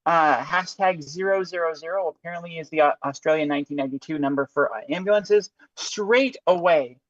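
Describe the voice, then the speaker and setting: A woman's voice: low-pitched, fairly quick, no echo. Woman host reading out a flyer on a comedy stream, dull dry audio. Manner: stops and starts while reading aloud, with fillers. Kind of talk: comedic read-through of a flyer. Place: studio with green screen.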